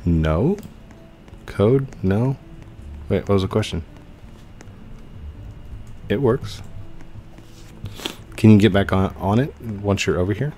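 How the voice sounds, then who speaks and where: A man giving casual gameplay commentary as a channel host, excitable and laughing often, yelping when things go wrong. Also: fairly low pitch, slow, long pauses, slight background noise.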